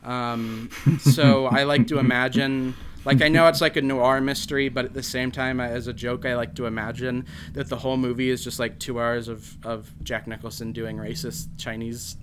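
A man's voice: medium pitch, little pitch movement, moderate pace, hardly any pauses, fairly bright tone, a little hiss or hum. A man hosting a podcast, telling rambling, crude, absurd comedy bits in casual chat. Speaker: podcast host.

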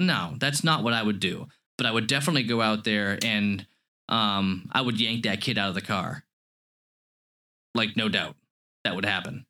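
A man in his thirties co-hosting a casual movie review podcast, telling stories with animated energy and frequent laughs. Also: fairly low pitch, normal speed. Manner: animated storytelling, laughs often. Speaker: podcast co-host. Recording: lo-fi podcast audio.

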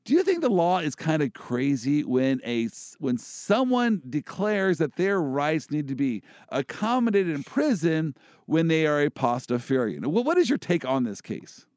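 Joking lawyer guy hosting a chat, pitch jumps all over, slightly high voice, dead dry sound. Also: normal speed, dry recording. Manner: joking, animated, many restarts. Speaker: host and First Amendment lawyer. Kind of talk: casual podcast chat about legal cases.

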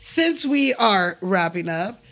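Brash gravelly-voiced woman podcast host. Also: medium pitch, sing-song, slow, a bit bright, soft background music. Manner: brash, joking, swears freely. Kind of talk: casual chat over drinks.

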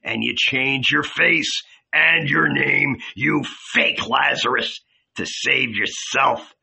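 A man reading an audiobook, voicing an enraged male disciple who shouts bitter, contemptuous accusations. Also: medium pitch, slow, gravelly, breathy edge, heavily acted. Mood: furious.

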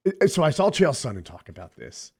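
A man's voice: fairly high pitch, sing-song, fairly quick, creaky, a little mellow, breathy edge. A man co-hosting a casual sports talk show, rambling with restarts and filler words. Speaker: podcast co-host.

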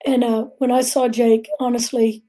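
A woman's voice: a little high, little pitch movement, moderate pace, dark tone. A middle-aged woman earnestly telling a vivid personal story as a guest on a faith talk show.

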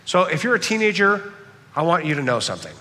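A man's voice: fairly high pitch, huge pitch swings, fast, sharp tone, in a large hall. A man preaching a sermon, earnest and repeating key phrases for emphasis, with a lingering dry cough. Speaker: pastor.

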